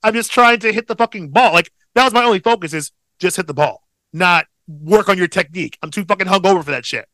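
A young man co-hosting a podcast, telling a long story in a profane, rambling, animated way. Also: sits high, fast, no echo. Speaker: podcast co-host. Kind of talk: casual storytelling chat.

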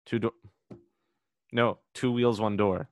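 A man's voice: lowish voice, fairly even intonation, slow pace. A young man co-hosting a podcast, rambling and joking in casual chat and swearing now and then. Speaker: podcast co-host.

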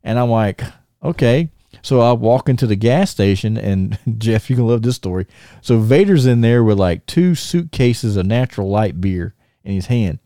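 A middle-aged man with a low, mellow voice, spinning a rambling podcast story in fits and starts. The sound is close and dry, with no room around it. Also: moderate pace, dry recording. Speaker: podcast host.

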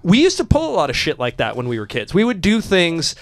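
A man's voice: on the high side, brisk. A man telling a wild story in casual chat, swearing freely and laughing as he talks. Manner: profane, animated storyteller who laughs mid-sentence. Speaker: podcast host telling a story.

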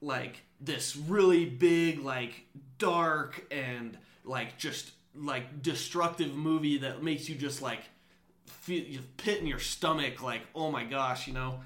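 A man's voice: fairly high pitch, slow pace, fairly bright tone. A young man co-hosting a casual sports podcast, rambling with lots of fillers and restarts. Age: young adult. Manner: rambling, many likes and restarts. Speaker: podcast co-host. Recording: echoey room.

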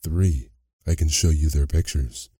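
A man's voice: extremely low pitch, fairly even intonation, measured pace, dark tone, breathy edge, no echo, studio quality, exaggerated voice. A man voicing a frightened father who pleads and stammers in a bedtime story reading. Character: terrified middle-aged father pleading.

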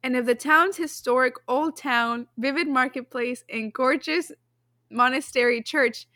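Woman, podcast co-host, casual quiz chat, giggly, high voice, dry close sound. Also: a little slow, bright, forceful tone, no echo. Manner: giggly, chatty, laughs often.

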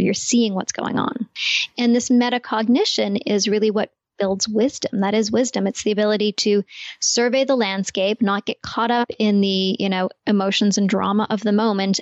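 A woman talking through brain science in an interview, steady and clear, with a habit of saying "you know". Her voice sits mid-range and the sound is dry and a little dull, with no room around it. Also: mid-range voice, dry recording. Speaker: guest expert on meditation. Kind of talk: explanatory podcast interview.

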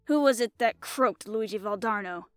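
A woman reading aloud, voicing a hoarse, menacing Italian man who is holding people at gunpoint. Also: mid-range voice, moderate pace, no room sound, faint music behind, natural voice.

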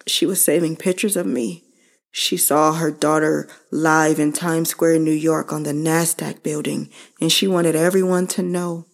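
A woman hosting her own show, speaking slowly and earnestly to listeners about losing her mother and how to grieve. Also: fairly low pitch, creaky. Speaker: podcast host. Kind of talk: personal reflective monologue.

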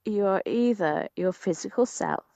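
A woman's voice: medium pitch, moderate pace, a little mellow, dry recording. A woman co-hosting a podcast in casual banter, giggly, blunt and sweary. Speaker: podcast co-host. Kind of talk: casual banter, quizzing her co-host. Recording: dry, dull lo-fi recording.

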